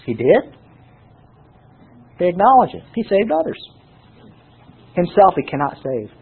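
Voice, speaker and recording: Hoarse-voiced preacher man, lively and tinny. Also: high-pitched, a little slow. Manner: animated, rhetorical questions to the congregation. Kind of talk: sermon Bible teaching. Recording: tinny phone-like sound.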